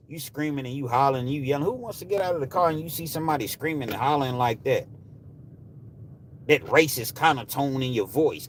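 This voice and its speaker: A man hosting a live stream, talking straight to his viewers in a heated, preachy way that often rises to shouting. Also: mid-range voice, brisk, slight background noise. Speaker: livestream host.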